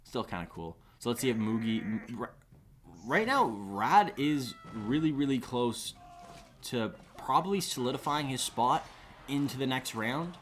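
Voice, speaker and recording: A man giving live esports commentary on a stream, excitable and rambling, often restarting his sentences. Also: medium pitch, a little slow. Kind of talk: live esports commentary with chat shout-outs.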